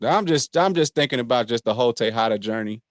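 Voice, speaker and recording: A man's voice: medium pitch, expressive, quick pace, dry recording, studio quality. A man co-hosting a podcast, chatting casually about a TV episode, questioning his co-host's points. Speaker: podcast co-host. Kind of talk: casual TV recap chat.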